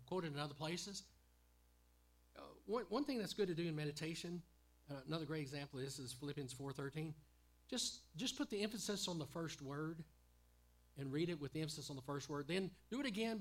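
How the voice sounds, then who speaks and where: A man's voice: a little high, animated, fast. A man preaching a sermon in an earnest teaching tone, often repeating words and stopping with fillers.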